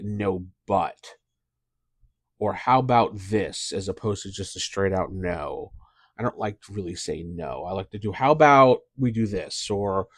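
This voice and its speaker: Low, dry-voiced man rambling about tabletop games. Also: dry recording. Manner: rambling, halting, with many fillers and restarts. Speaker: dungeon master and channel host. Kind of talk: casual talk to camera about tabletop gaming.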